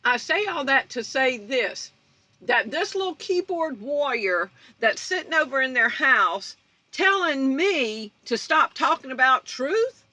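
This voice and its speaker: A woman's voice: high voice, animated, unhurried, bright, forceful tone, no room sound. A woman, hosting her own channel in a blunt, confrontational vlog rant. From North Baton Rouge, Louisiana. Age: 50s. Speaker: channel host. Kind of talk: fiery vlog rant to viewers.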